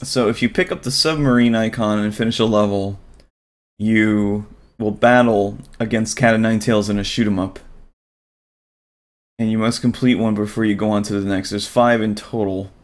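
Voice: mid-range voice, fairly even intonation, moderate pace. A game streamer from Virginia giving casual, chatty commentary while playing, sometimes talking to the characters.

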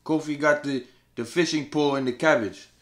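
An excitable cabbage hawker with a high, sing-song lilt, as a man puts him on as a joke. He sounds a little off-mic in a roomy, echoing space, and his voice sits well above a normal man's speaking voice. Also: brisk, natural voice. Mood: playful.

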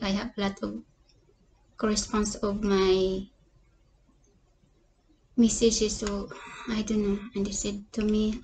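A woman vlogger talking casually to her viewers, speaking halting English, tired and sad. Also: medium pitch, darkish tone, a little hiss or hum. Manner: halting, non-native English, often addresses "people"; tired and sad, with small laughs. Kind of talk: casual eating vlog talk to viewers.

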